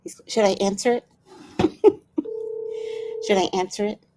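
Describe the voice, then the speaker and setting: A woman's voice: medium pitch, unhurried. A woman hosting a livestream, talking to her viewers in an exclaiming, swearing way. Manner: animated, exclaiming, swears freely. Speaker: livestream host. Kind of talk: casual livestream chat.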